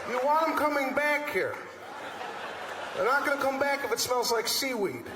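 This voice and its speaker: A man doing a stand-up routine on stage, telling stories in an animated, exasperated way with acted-out asides. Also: extremely high pitch, normal speed, a loud crowd. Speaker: stand-up comedian. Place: comedy stage before a live audience. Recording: roomy venue with live audience and noise.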